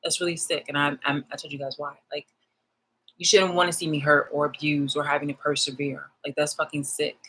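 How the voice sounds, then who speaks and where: A woman's voice: low voice, flat delivery, fairly quick, a bit bright, slight background noise, rough recording. Agitated, profane woman ranting on a live stream. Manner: profane and agitated, repeats phrases for emphasis. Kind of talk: live-streamed personal rant.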